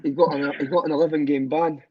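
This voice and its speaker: A Scottish man, a footballer guest, telling lively, profane stories in a casual podcast chat. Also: on the high side, fast, dull audio, a loud crowd. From Scotland. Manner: lively storyteller, swears, laughs often.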